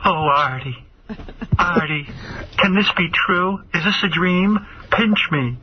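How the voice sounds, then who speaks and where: A man's voice: fairly high pitch, very animated, moderate pace. A man on a radio show putting on a melodramatic, lovestruck girlfriend with an exaggerated accent. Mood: swooning. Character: lovestruck girlfriend, brassy and over-the-top. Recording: dull lo-fi radio audio with noise.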